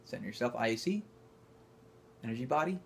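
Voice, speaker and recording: A man's voice: mid-range voice, animated, brisk, creaky, slight background noise. A man teaching acting, talking to camera and calling out cues while he demonstrates movement exercises. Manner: coaching, calling out cues, rising to loud effortful bursts.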